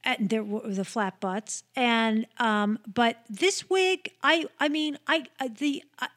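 A woman co-hosting a podcast in casual film chat, animated, restarting her sentences and laughing often. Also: fairly high pitch, takes it slowly. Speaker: podcast co-host.

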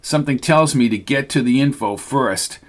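A narrator playing a laconic truck-driving cowboy in a storybook reading, wary and low-key in how he talks. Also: moderate pace, lightly acted.

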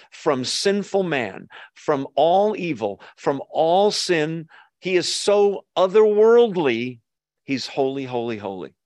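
An older male pastor delivers a sermon in a slightly high voice. He leans hard on repeated words and keeps asking his listeners questions. The sound is dry and close. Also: dry recording. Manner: emphatic, asks the audience questions, repeats words for emphasis.

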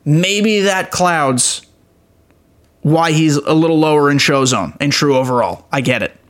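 This young man hosts a laid-back gaming podcast, his voice sitting on the higher side with a slightly bright tone and an unhurried pace. He rambles enthusiastically and teases himself along the way.

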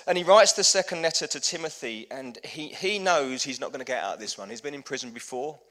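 Man, pastor, conversational sermon, earnest, heartfelt, bright voice, restarts sentences, church service. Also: mid-range voice. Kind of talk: conversational sermon with travel story.

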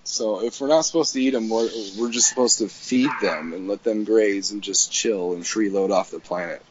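A man's voice: on the low side, normal speed. A young man co-hosting a casual podcast chat, ranting with crude jokes. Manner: crude, joking, rants. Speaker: podcast co-host. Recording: dull lo-fi sound with faint noise.

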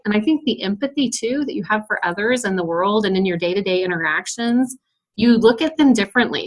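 A middle-aged woman, a school principal, answering interview questions in an earnest storytelling way with frequent laughs. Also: medium pitch.

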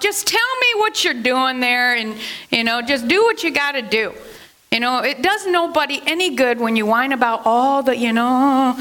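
Woman preaching casually, high voice, slow and chatty, asks herself questions then answers. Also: bright, forceful tone. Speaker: Bible teacher. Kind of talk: casual sermon.

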